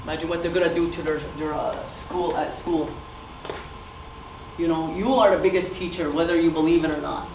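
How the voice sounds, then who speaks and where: A middle-aged woman gives a community presentation, telling stories and asking the audience questions. Her deep voice is steady in tone and brisk in pace. She's recorded from far off in an echoey room with background noise.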